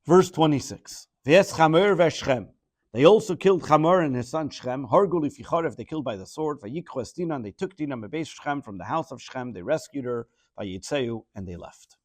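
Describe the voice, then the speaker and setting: A man leads a Torah lesson. He reads each phrase and translates it as he goes, in a slightly higher voice. The sound is dry and close, with no room around it. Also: expressive, normal speed, darkish tone, no room sound. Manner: reads Hebrew phrases then translates, explains with Rashi. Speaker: Torah teacher. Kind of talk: verse-by-verse Torah class.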